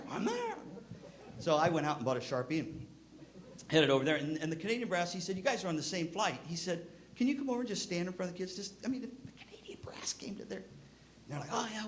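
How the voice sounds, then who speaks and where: Lively older man telling stories on stage. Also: slight background noise. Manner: lively anecdotal delivery, acting out quoted voices with pitch jumps. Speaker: band music clinician speaking to band directors. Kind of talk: humorous storytelling talk to an audience.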